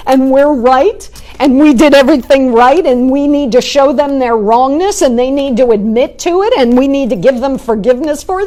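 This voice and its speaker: A middle-aged woman, a spiritual teacher, giving a talk with animated storytelling and frequent "right?" asides. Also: on the high side. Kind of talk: talk or sermon.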